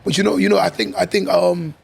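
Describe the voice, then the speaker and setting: A man hosting a podcast, talking in relaxed, unscripted interview chat. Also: sits high, fast, vocal fry, breathy edge. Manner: relaxed, freestyle talk with short affirmations. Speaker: podcast host.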